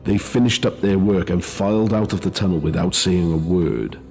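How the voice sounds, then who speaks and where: A man narrating a scripted ghost story in a measured way, with dry asides. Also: low voice, a little mellow, soft background music. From Wales. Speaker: host and narrator.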